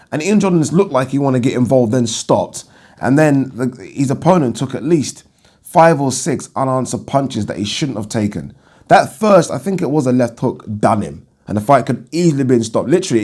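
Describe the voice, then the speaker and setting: A man's voice: mid-range voice, warm tone. A man hosting a boxing channel, giving blunt, opinionated casual commentary and swearing when annoyed.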